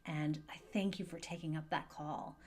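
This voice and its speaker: A woman with a slightly low voice talks parents through a hard moment with their children. She keeps her delivery calm, gentle and measured, and she sounds reassuring as she speaks directly to viewers in an advice video. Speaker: divorce and parenting coach.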